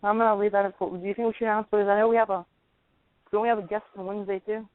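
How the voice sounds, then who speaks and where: A man co-hosting a casual wrestling radio show, eager and quick to rattle off names. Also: high voice, level tone, no room sound. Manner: quick, eager, listing names off the top of his head. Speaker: podcast co-host. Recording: tinny phone-line audio, dry.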